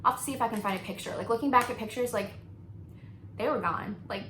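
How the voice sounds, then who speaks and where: She's a fast-talking beauty vlogger in her thirties, chatting casually while applying makeup in a fairly bright, slightly high voice. She laughs a lot and leans on likes and ums, and the echoey room carries a faint hiss.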